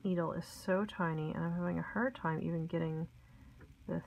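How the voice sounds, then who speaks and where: A woman's voice: fairly low pitch, fairly even intonation, normal speed, gravelly, narrow, tinny audio, slight background noise. Chatty woman teaching cross stitch at home. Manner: chatty, homey, with frequent ums and asides. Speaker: craft tutorial host. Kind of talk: casual step-by-step craft lesson. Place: home craft desk, indoors.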